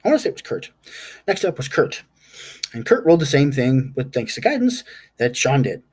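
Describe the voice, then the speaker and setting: A man's voice: medium pitch, very animated, fairly quick, a little mellow, slightly rough. A man game master giving a casual, rambling recap of his tabletop session, stopping now and then to recall names aloud.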